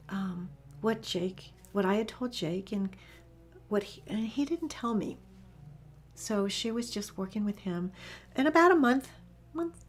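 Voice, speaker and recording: A woman working as an animal communicator, telling a story to camera in a chatty way, with frequent fillers and restarts. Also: a little high.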